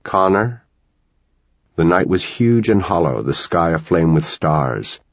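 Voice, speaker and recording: A man narrating an audiobook in a measured, dramatic storytelling manner. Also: deep voice, very animated, no room sound, lo-fi sound.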